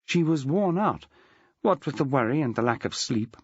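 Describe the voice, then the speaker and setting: A man's voice: mid-range voice, animated, normal speed, husky, dry recording, highs cut off. A man narrating an audiobook in a dry, wry storytelling manner. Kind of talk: scripted narration.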